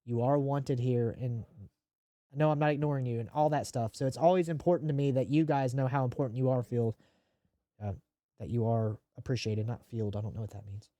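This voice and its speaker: A man hosting a gaming podcast, speaking candidly and emotionally, with deadpan jokes. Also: medium pitch, a little fast, no room sound. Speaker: podcast host and live streamer. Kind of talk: casual podcast chat.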